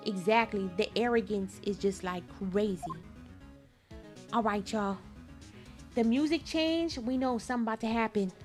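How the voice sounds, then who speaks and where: A woman hosting a gaming channel, reading game dialogue aloud and reacting to it in animated, laughing commentary. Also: a little high, normal speed, faint music behind. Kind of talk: let's-play commentary.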